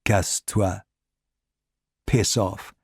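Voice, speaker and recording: A man's voice: on the low side, flat delivery, very slow, breathy edge, no room sound, studio quality, voice pushed down, heavily acted. A man voicing a defiant, contemptuous fugitive in an audiobook, speaking curtly. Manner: curt, contemptuous.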